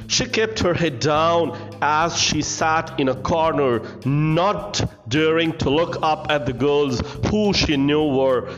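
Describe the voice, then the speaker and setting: A man reading a story aloud in a slow, gentle, measured way. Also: mid-range voice. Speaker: narrator. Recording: muffled, reverberant, faint guitar music.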